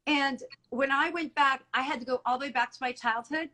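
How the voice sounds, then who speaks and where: In this rough recording, a salon owner guest, a middle-aged woman, talks with a high-pitched, sharp-toned voice at a fairly quick clip. It's candid interview talk, earnest and emotional, full of restarts and conversations she recounts in quoted dialogue.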